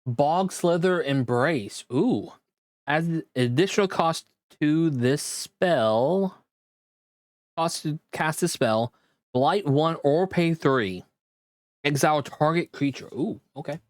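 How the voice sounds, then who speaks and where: A man casually opening and reviewing trading cards at home, reading card text aloud haltingly and reacting as he goes. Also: a little high, lively intonation, no echo, clean studio sound. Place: own room at home.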